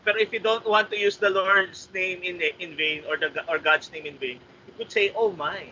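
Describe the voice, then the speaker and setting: Filipino guy trainer on a video call, high sharp voice, kinda muffled audio. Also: fairly even intonation. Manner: polite, mixes English and Tagalog, reads sentences aloud slowly. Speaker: writing workshop trainer. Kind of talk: online workshop feedback. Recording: slightly muffled call audio with faint noise.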